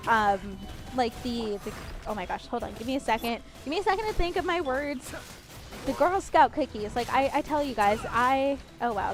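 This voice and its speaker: A young woman streaming a game, talking fast and expressively, rambling with lots of fillers and restarts. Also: sits high. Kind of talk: casual chat while gaming.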